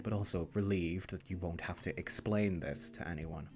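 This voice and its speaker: A man narrating a visual novel in the second person, steady with playful asides. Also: sits low, normal speed, faint music behind.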